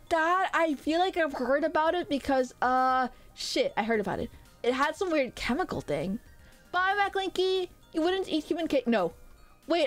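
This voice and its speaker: A woman streaming as a VTuber, chatting casually with her chat in a rambling way full of hesitant fillers. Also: fairly high pitch. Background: faint background music.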